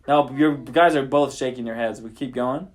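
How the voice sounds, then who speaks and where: A man's voice: mid-range voice, normal speed. A man improvising a bedtime story for his children at home at night, talking casually and thinking aloud into a handheld recorder. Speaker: father telling a bedtime story.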